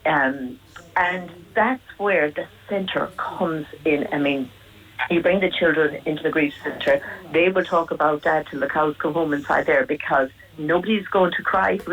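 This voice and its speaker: A woman guest on a radio interview, speaking in a halting, emotional and reflective way about personal loss. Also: fairly low pitch, a bit bright, recorded from a distance, rough recording.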